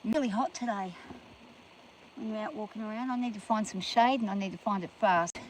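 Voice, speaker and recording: A woman's voice: medium pitch, a little fast, rough recording. Tired, anxious woman outdoors. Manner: anxious, talking herself through it. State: exhausted and overheated. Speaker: farm vlogger. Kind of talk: casual self-filmed chat while walking. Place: outdoors on hot rough ground. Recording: loud outdoor background noise.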